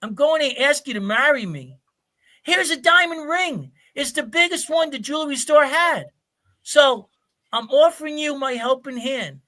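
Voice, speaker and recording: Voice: high voice, expressive, moderate pace, sharp tone. A performer voicing an earnest young man in an amateur radio drama, speaking heartfelt and hesitant. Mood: loving. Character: earnest young man proposing to his sick girlfriend.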